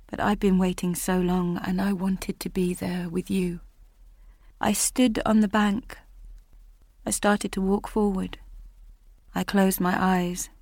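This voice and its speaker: A woman's voice: fairly low pitch, darkish tone, no room sound. A woman narrating a first-person audiobook in a tense, intimate way, close to a studio mic.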